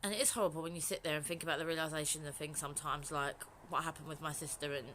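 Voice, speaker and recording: A woman's voice: sits low, steady tone, very fast, pushed and bright, a little hiss or hum. A young woman from England talking frankly in a personal vlog, rambling and swearing freely. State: emotional, near tears. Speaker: vlogger.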